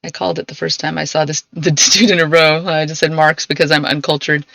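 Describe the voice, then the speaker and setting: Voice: mid-range voice, little pitch movement, a little fast, creaky, bright, forceful tone, no room sound, poor audio. A streamer in casual let's-play commentary, playful and chatty, reading game lines aloud between remarks.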